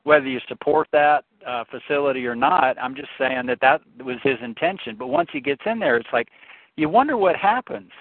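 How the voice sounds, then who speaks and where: A man's voice: mid-range voice, animated, brisk, no echo. A man on a talk show, ranting passionately about politics and telling stories with frequent restarts. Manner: impassioned, storytelling, frequent restarts. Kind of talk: opinionated political rant. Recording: tinny phone-like, dry sound.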